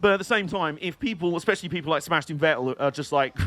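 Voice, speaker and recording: A young man casually commenting on motor racing during a livestream, chatty and excitable, laughing and swearing often. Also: a little high, quick pace. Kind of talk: casual watch-along commentary.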